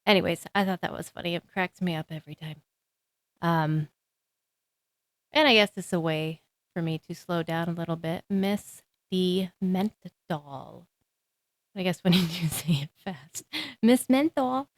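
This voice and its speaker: A woman's voice: fairly low pitch, steady tone, moderate pace, dry recording. A woman in her thirties hosting a solo podcast, talking casually in a rambling way with frequent ums and small laughs. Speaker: podcast host.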